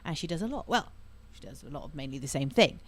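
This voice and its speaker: A woman's voice: sits low, animated, breathy edge. A woman playing a young woman in a radio comedy sketch, teasing her partner about watching films. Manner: playful, teasing, drawn-out.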